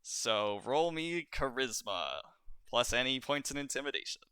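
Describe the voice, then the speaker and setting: Game master, male, animated and laughing; smooth voice, dry sound. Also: mid-range voice, measured pace, no echo. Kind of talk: narrating a tabletop game.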